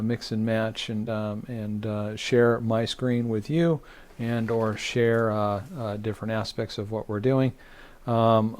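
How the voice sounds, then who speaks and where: A man teaching a weekly online Torah study as rabbi, speaking haltingly with many fillers and restarts. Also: medium pitch, darkish tone. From United States.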